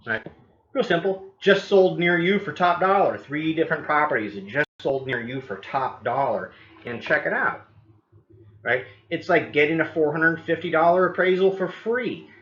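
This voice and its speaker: A man's voice: medium pitch, pushed and bright, reverberant, lo-fi sound, slight background noise. A man coaching real estate agents in an upbeat training talk, often checking in with "right?" and acting out doorstep scripts. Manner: upbeat, keeps asking "right?".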